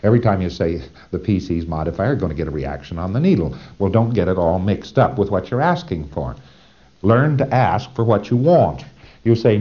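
Male lecturer, very low voice, emphatic and chatty, lo-fi vintage recording. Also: big pitch swings, fairly quick, warm tone. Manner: conversational, emphatic, asks listeners "see?".

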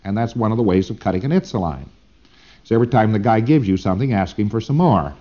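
A man's voice: fairly low pitch, expressive, fast talker, dark tone. A man giving an informal recorded lecture in a rambling way, often tagging his points with "see?", on a dull old lo-fi tape.

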